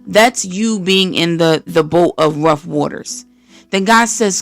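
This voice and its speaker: An American woman from the East Coast hosting a podcast, giving an energetic, preachy faith-based motivational talk and acting out voices of the people she quotes. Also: lowish voice, takes it slowly, vocal fry, no room sound, soft background music. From East Coast of the United States. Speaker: podcast host.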